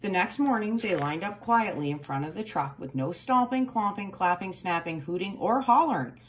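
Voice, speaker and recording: A woman reading a children's picture book aloud, with expressive, playful emphasis on the story's sound words. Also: medium pitch, moderate pace, slight background noise.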